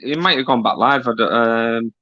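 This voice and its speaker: Sweary caller talking footie, muffled dry line. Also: male voice, medium pitch, fairly quick, pushed and bright, no echo. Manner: blunt, swears, football banter. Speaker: caller on a livestream. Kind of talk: casual chat. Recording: dull dry call audio.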